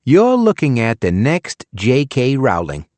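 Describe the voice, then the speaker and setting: A man's voice: mid-range voice, huge pitch swings, unhurried, darkish tone, no room sound, pitched above the performer's own voice. A male audiobook narrator playing a shrunken, smug elderly lawyer who boasts about his young wife. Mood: boastful. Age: older.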